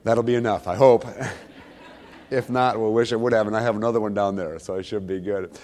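A preacher with a cold and a slight cough, opening his sermon in a relaxed, joking, self-deprecating way. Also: fairly low pitch, brisk. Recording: long hall reverb.

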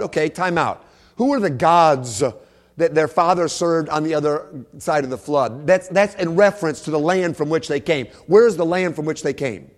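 Emphatic preacher man, rather high voice. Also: moderate pace. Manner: emphatic, repeats key phrases, swings from soft to loud. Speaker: pastor. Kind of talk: sermon. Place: church.

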